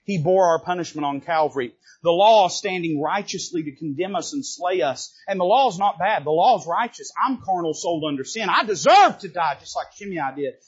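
Preaching from the pulpit, a Baptist minister with a high, husky voice shifts from loud emphatic outbursts to quiet asides and throws quips at the congregation. He is expressive, keeps a moderate pace with hardly any pauses, and the church audio is dull and lo-fi.

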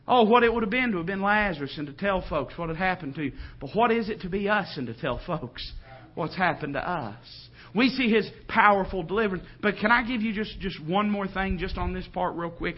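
A man preaching a sermon, dropping to quiet tones and rising to loud, drawn-out exclamations. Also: high-pitched, expressive, husky, highs cut off.

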